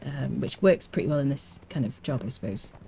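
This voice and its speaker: A Scottish woman chatting playfully to viewers as she plays and guides a game, with careful, clear enunciation. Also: a bass voice, lively intonation, fairly quick, warm tone, slight background noise. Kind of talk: casual live-stream gameplay commentary.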